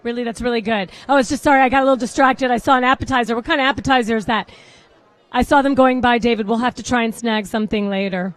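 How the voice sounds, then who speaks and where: A woman's voice: on the high side, steady tone, fast, dry recording. A woman hosting a live red carpet pre-show, chatty and easily distracted as she talks to the camera. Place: red carpet at a salon event.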